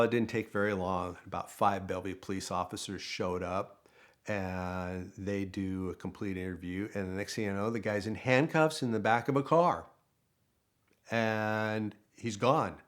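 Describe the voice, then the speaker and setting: A man's voice: lowish voice, moderate pace. An older man, a former car dealership manager, telling a story casually and acting out the dialogue as he goes. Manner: animated storytelling, acts out quoted dialogue. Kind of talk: casual anecdote.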